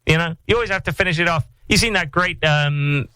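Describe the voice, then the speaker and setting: A man's voice: on the high side, a little fast, sharp tone, clear, resonant tone, no echo, rough recording. A man hosting a morning radio show, chatting playfully and rambling in a studio. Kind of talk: casual studio banter.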